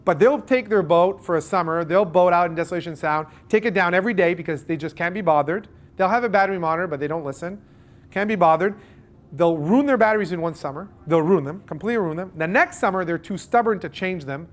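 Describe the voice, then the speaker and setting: Animated Canadian man giving a seminar. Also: high-pitched, quick pace. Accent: Canadian English. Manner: animated, uses everyday analogies and acted-out dialogue. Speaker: seminar presenter. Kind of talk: live boat show seminar talk. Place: boat show seminar room.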